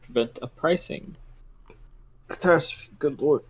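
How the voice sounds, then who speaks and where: A man co-casting an esports match on a live stream, playful and quick to laugh. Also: on the high side, breathy edge, rough recording. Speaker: esports co-caster. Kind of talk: casual live-stream commentary.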